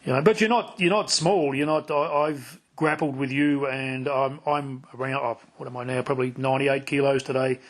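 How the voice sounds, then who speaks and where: A man's voice: medium pitch, steady tone, moderate pace, few pauses. A man hosting a casual podcast interview, rambling and swearing freely, with lots of restarts. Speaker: podcast host.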